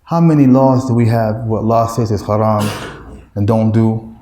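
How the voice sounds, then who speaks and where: A man's voice: on the low side, fairly even intonation, moderate pace, warm tone, roomy sound. A man with an American accent preaching a sermon, emphatic and repetitive, with street slang. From United States.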